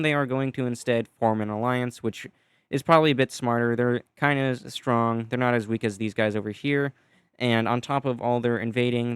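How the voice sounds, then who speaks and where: A man giving casual, offhand voice-over narration, chatty and loose with frequent fillers and deadpan asides. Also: mid-range voice, smooth, no room sound. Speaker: map video creator narrating.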